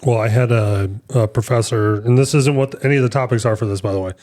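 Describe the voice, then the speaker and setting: A man's voice: mid-range voice, steady tone, fast talker, darkish tone. Brief: young male podcast co-host, casual and rambling, plenty of ums and restarts, mid-range voice. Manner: rambling storyteller, many fillers and restarts. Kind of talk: casual chat.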